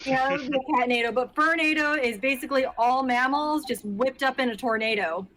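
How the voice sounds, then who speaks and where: High-voiced young woman, playful podcast co-host who riffs on puns with eager energy. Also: brisk. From California. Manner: playful, excitable, punning. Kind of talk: casual chat.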